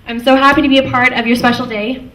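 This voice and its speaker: A woman's voice: sits high, fairly even intonation, fast, pushed and bright. A young woman from Canada, the maid of honor, giving a fond, light wedding toast and chuckling between lines. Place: wedding reception hall. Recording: echoey hall from far off, faint noise.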